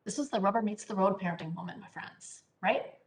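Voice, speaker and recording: A woman's voice: medium pitch, brisk. A woman giving an instructional parenting presentation, speaking emphatically and often checking in with "right?". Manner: emphatic, keeps asking "right?". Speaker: parenting educator. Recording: echoey room.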